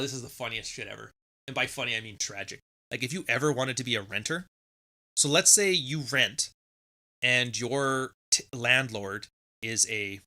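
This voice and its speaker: A middle-aged podcast host from Canada ranting in a loose, sarcastic way, swearing and mocking the people he quotes. His voice is sharp and forceful, with a very bright edge. He sits at a middle pitch for a man. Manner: sarcastic, blunt, swears freely, acts out quotes. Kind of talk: casual podcast rant.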